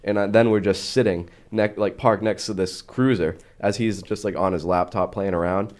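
Brief: young man, very low voice, rambling anecdote, loose and casual. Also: steady tone, normal speed, a little mellow. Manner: rambling, hesitant, full of likes.

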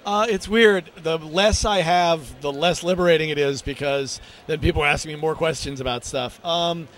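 A man giving casual interview answers with dry, self-deprecating wit. His voice sits slightly high. A faint background noise hums behind him. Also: moderate pace, a bit bright. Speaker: guest interviewee.

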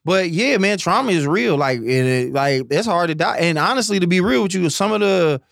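A man with talks in a loose, profane, joking way, spinning stories in casual chat. His voice sits a bit high for a man, and it sounds dry and close with no room behind it. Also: lively intonation, normal speed, vocal fry, a bit bright, no echo.

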